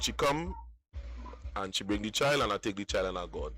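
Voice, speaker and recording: A man's voice: medium pitch, animated, moderate pace, fairly bright tone. A man, calling in to tell a long personal story, rambling and repeating words. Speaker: caller.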